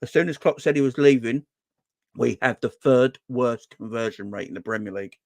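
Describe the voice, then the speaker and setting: A man hosting a football fan livestream from home at night, swearing freely, talking loudly and repeating himself as he rants to his chat. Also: mid-range voice, a little fast, creaky, no echo. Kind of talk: casual ranting livestream chat. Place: home at night, kids asleep.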